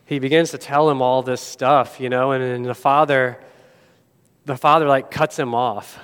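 A man preaching a sermon as pastor, telling a story dramatically and swinging from loud to hushed. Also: on the high side, a little slow, pauses often, smooth. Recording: long hall reverb.

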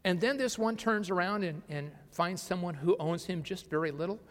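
A man's voice: high-pitched, moderate pace. Man, pastor, conversational sermon, rhetorical questions, church hall reverb. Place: church sanctuary.

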